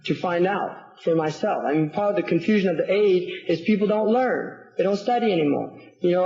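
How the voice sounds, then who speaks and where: A man, an Islamic scholar, giving a public lecture and answering audience questions, animated and sarcastic, often repeating words as he builds a point. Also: sits high. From United States. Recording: roomy, dull lecture hall recording.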